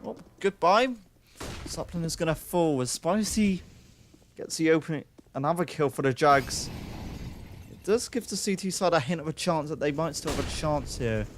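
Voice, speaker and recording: A man's voice: a little high, expressive, normal speed, noisy background. A young man casting a live esports match, calling the play and chatting in joking asides. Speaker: esports caster.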